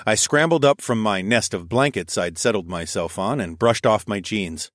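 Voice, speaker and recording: A man reading a first-person story aloud, expressive and sometimes dropping to a whisper. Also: fairly low pitch, normal speed, dry recording, studio quality. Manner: expressive, shifts into whispers for dialogue. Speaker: audiobook narrator.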